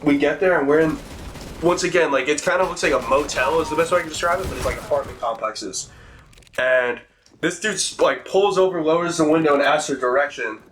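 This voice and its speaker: A young man casually telling a true story about a bad first day at work, animated, swearing and slangy. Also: fairly high pitch, fairly quick, a little hiss or hum.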